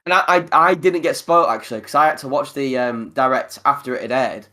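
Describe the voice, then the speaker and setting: A man's voice: medium pitch, lively intonation, a little fast, pushed and bright. A man hosting a casual podcast chat, talking in a loose, sweary way with lots of fillers and restarts. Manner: chatty, swears a lot, many fillers and restarts. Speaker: podcast host.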